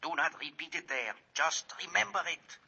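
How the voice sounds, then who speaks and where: A man's voice: fairly high pitch, animated, normal speed, creaky, sharp tone, slightly rough, heavily acted. An actor playing a secretive, insistent man giving clipped, formal instructions, in 1940s radio acting. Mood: urgent. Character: secretive insistent male jewel-deal contact. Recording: muffled old radio recording.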